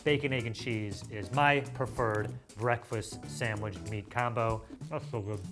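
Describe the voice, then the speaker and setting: A man from the US hosting a casual food review, playful and excitable, with mock-dramatic asides. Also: on the low side, a little slow, over music. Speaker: food show host.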